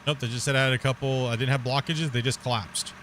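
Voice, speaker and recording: A man's voice: medium pitch, fairly even intonation, quick pace, a bit bright, a little hiss or hum. A man chatting casually while streaming live gameplay, rambling, laughing often and swearing casually.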